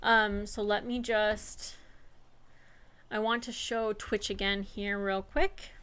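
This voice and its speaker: This young woman is a self-published author speaking on her livestream in an emotional, casual way, gushing and nervously near tears as she keeps restarting sentences. Her pitch is medium and her delivery flat and slow. The tone is a bit bright, clear and resonant.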